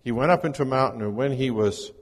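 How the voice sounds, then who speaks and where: A man's voice: medium pitch, quick pace, in a large hall. A man delivering a conversational, folksy sermon as a guest preacher, mixing scripture readings with casual teaching. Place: church.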